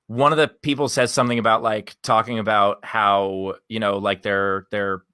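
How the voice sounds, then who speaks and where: Low-voiced man telling a rambling story. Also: bright, forceful tone, no room sound, clean studio sound. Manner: rambling, candid, swears freely. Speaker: guest comedian. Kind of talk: casual podcast storytelling.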